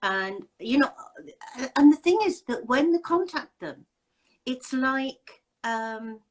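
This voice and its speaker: A woman's voice: high-pitched, animated, takes it slowly, rough recording. A woman hosting a casual video chat, talking in a chatty, emphatic, exasperated way. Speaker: host.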